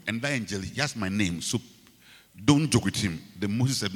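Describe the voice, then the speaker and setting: A man with a Ghanaian English accent, a bishop preaching a sermon, who drops to low murmurs, then rises to shouts and repeats his lines. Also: expressive, unhurried, long pauses, in a large hall. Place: large church hall.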